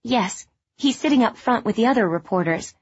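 Storybook figure: a stubborn, defiant teen girl, voiced by a woman, a little higher than the narration. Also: expressive, moderate pace, breathy edge, dull audio. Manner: defiant, insistent. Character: fifteen-year-old girl, fiery and stubborn.

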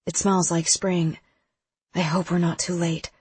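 A woman's voice: on the low side, level tone, measured pace, darkish tone, slightly rough. A woman narrating a first-person audiobook with urgent, vivid storytelling.

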